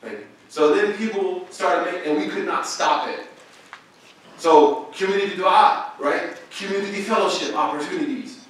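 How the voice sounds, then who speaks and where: Animated man lecturing in echoey hall. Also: sits high, moderate pace. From Oklahoma, USA. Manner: animated, slangy and conversational, acts out other people's lines. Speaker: guest imam and lecturer. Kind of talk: casual storytelling lecture. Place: university lecture room. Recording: very echoey hall, mic far off.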